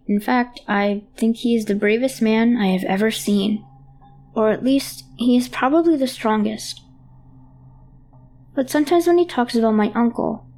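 A woman's voice: a little high, a little mellow. A woman reading a horror story aloud in a child's hesitant first-person voice. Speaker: narrator. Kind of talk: scripted horror narration.

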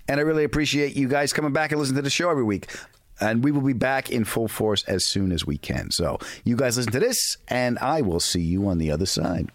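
A man's voice: lowish voice, no room sound. A middle-aged man hosting a podcast alone, chatting casually and telling a funny story. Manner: chatty, storytelling, laughs often. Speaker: podcast host. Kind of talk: casual solo podcast intro.

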